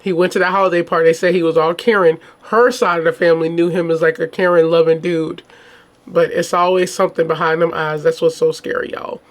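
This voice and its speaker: A woman's voice: fairly low pitch, little pitch movement, brisk. A woman hosting a true crime channel who reads a case report and then reacts in casual, indignant chat full of rhetorical questions. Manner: casual, chatty, addresses viewers as y'all.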